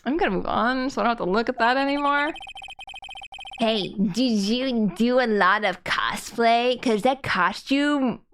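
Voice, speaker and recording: Giggly woman streamer, higher voice. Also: measured pace, clear, resonant tone. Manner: giggly, reads game dialogue aloud, loud excited outbursts. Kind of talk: live game stream commentary.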